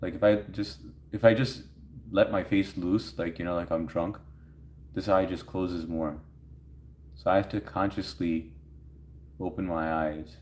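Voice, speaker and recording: A man's voice: low-pitched, fairly even intonation, a little slow, long pauses, darkish tone, slight background noise. A man hosting a livestream, chatting casually with viewers, laughing often and reading their comments aloud. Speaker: livestream host answering chat. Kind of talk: casual chat. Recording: echoey room.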